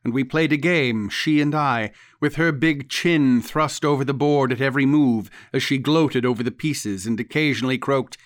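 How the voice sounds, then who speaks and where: A man narrating a literary ghost story in the first person, measured and deliberate. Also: medium pitch, no room sound, studio quality. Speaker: audiobook narrator.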